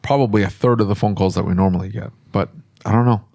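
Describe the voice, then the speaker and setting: A man, a podcast host who owns a repair shop, talking casually and telling animated stories with laughs. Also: quick pace, creaky. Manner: animated storytelling with laughs, sudden high pitch for quoted voices.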